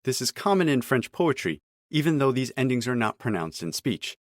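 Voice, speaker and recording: A man calmly explaining text line by line as a language teacher, in scripted narration with careful, clear pronunciation of examples. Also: mid-range voice, normal speed, no room sound, clean studio sound.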